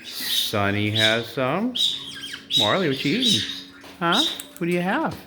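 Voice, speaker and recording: Low-voiced woman cooing to her birds. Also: very animated, measured pace, very noisy. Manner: coos and baby-talks to the birds, jumping to a high pitch. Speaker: bird sanctuary keeper. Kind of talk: casual vlog talking to pet birds. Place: indoor bird room with cages. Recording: loud squawking birds behind.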